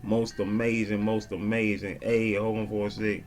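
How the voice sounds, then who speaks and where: A man vlogging casually, shouting out viewers and reading their comments in a slangy, laid-back way. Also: lowish voice, steady tone, moderate pace, few pauses. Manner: slangy and laid-back, peppered with "you dig". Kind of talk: casual chat.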